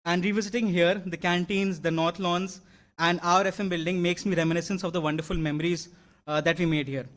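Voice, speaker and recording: His voice is high and fairly bright, with fairly even intonation and a fairly quick delivery. The young award-winning graduate offers a sincere convocation address in a large hall, repeatedly restarting and leaning on fillers.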